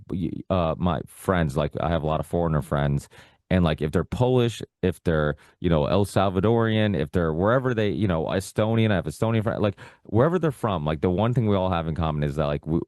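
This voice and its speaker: Very deep-voiced man, rambling casual talk. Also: expressive, a little fast, darkish tone, dry recording, studio quality. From United States, Portuguese immigrant family. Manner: rambling, heavy with fillers like "you know" and "like". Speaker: podcast guest. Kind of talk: casual conversational storytelling.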